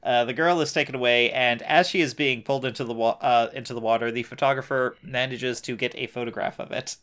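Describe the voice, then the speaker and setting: A man in an easygoing recap chat, talking at an average pitch and riffing sarcastically on what happens. He mocks the plot with dry asides. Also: steady tone, quick pace, a bit bright. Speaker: podcast co-host.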